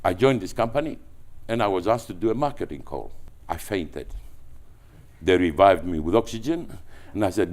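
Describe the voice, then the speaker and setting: A man with a Greek accent speaks in a low voice, telling stories from his career. He talks in an animated way, restarting and repeating words as he goes. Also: moderate pace. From Greece. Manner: animated, with frequent restarts and repetitions. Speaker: entrepreneur guest. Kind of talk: anecdotal storytelling.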